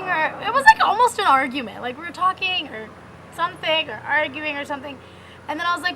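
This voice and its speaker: A young woman tells a personal story straight to her viewers in a loose, animated way. Her voice sits high and sounds bright and forward, and she fills her talk with "like" and "you know". She laughs often as she goes. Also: fast talker, a little hiss or hum. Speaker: vlogger. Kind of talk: casual storytelling to camera.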